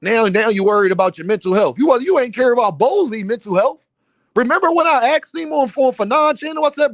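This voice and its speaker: A man with a high-pitched voice rants at his live chat, heated and insistent, full of street slang. His voice is dry and close, with no room sound at all. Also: a little fast, no room sound. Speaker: boxing commentary streamer. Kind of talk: live stream rant.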